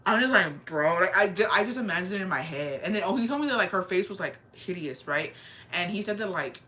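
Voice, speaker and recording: A young woman tells a spooky story in a loose, chatty way, swearing and tossing in Spanish phrases. Her voice is bright and a little lower than most women's. She sounds lively and talks in slang. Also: quick pace. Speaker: storyteller vlogger. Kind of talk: casual storytelling.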